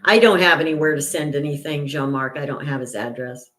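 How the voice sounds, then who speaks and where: An older woman chats away on her own livestream with a lower-pitched voice. She rambles through her thoughts with plenty of fillers and restarts. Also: fairly quick. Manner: indignant, gets loud and high when retelling an argument. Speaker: channel host. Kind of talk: casual livestream chat.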